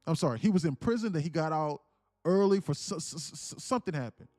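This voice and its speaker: Brisk and animated, this young man's slightly high, darkish voice carries an emotional live-stream story as a day trading streamer. He sounds near tears, earnest and preachy, swearing casually and repeating himself. The audio is studio quality with no echo and faint background music.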